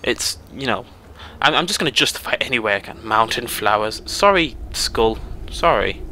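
Speaking at a normal pace in a mid-range voice, a British man hosts a let's play, rambling through casual commentary on his game and making jokes at his own expense. He's quick to get excited, and there's slight background noise.

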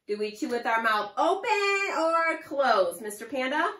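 Sing-song preschool teacher woman, high and lively. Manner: slow, sing-song, exaggerated teacher delivery. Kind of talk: children's lesson. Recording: echoey room, far from mic.

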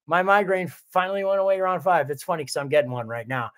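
Streamer type: a man with a slightly high voice, loose and profane, chats with his viewers and keeps restarting his thoughts. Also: expressive, quick pace, a bit bright. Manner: rambling, profane, full of restarts; reads viewer comments aloud. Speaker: livestream host reading viewer chat. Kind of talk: casual livestream chat.

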